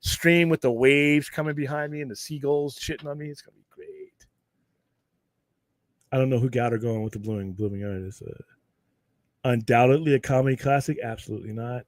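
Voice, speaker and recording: A man from Southern California chatting on a live stream in a loose, rambling way. He swears freely, restarts his sentences and cracks jokes. His voice sits at an ordinary pitch and the sound is dry and close. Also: fairly quick, no room sound. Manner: rambling, profane, jokey, many restarts. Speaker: streamer host. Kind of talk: casual live-stream chat.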